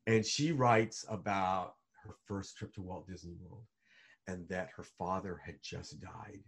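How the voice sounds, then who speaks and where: Husky-voiced man telling an animated story. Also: lowish voice. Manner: animated storyteller with many restarts and fillers. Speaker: guest, author and speaker. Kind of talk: storytelling in a video call interview. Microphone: video call.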